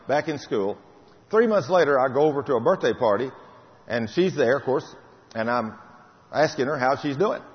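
An older man giving a fervent testimony sermon, repeating key phrases with emphasis. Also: fairly high pitch. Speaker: preacher. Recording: muffled hall recording.

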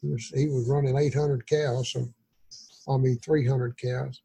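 A man's voice: mid-range voice, little pitch movement, a little slow, vocal fry, mellow, slightly rough, poor audio. A man leading an informal Bible study, teaching in a folksy, rambling way. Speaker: pastor.

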